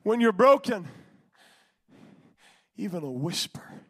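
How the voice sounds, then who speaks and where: Male preacher, high voice, sermon that swings from shouts to hushed lows. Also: lively intonation, normal speed.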